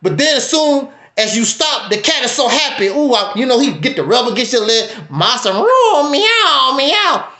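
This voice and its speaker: A man hosting a livestream, talking in a casual, preachy, emphatic way with wide swings in pitch. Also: lively intonation, fairly quick, hardly any pauses, a bit bright, roomy sound. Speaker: livestream host. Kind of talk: casual commentary.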